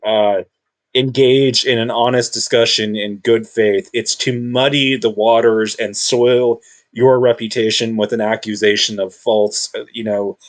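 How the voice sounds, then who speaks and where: A man speaking in an unscripted monologue, rambling and halting with many restarts, combative and self-assured. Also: medium pitch. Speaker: video commentator.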